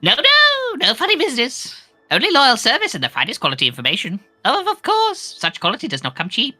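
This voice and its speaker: A woman's voice: high-pitched, huge pitch swings, fairly quick, pushed and bright, no echo, faint music behind, exaggerated voice. A woman voicing a shifty, cowardly male informant who keeps fawning with "yes, yes" while reading game dialogue with friends. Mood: wheedling. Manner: wheedling, repeats "yes, yes".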